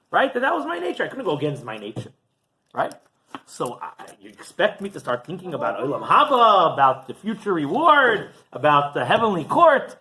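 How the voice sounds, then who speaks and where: A man's voice: high-pitched, bright, forceful tone, slight background noise, voice pushed up, heavily acted. A man voicing the ghost of a carefree drunk who tells his friends about heaven in a chatty, defensive way.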